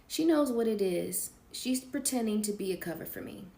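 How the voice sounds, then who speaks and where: A woman's voice: medium pitch, lively intonation, normal speed, roomy sound, voice pushed up, lightly acted. A defensive, controlling man on the phone, read by a woman. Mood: guarded. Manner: pleading and defensive, flaring into shouting. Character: volatile controlling man on the phone, self-pitying.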